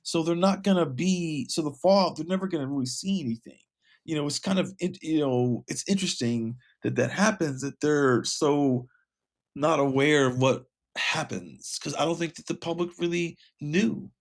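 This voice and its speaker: A man's voice: on the high side, moderate pace. Male co-host: rambling, emphatic, casual. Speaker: podcast co-host. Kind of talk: casual chat.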